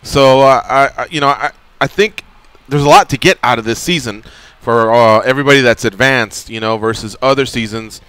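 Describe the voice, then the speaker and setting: Smooth-voiced man hosting radio. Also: medium pitch, moderate pace, a bit bright, no echo. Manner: joking, conversational. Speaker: radio host. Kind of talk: casual radio show chat. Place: radio studio.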